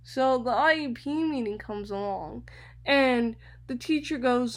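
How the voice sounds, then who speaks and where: A young woman from Florida, hosting a radio show and telling a personal story in an animated way, often repeating words. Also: a little high, a little slow. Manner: animated, repeats words, addresses listeners as y'all.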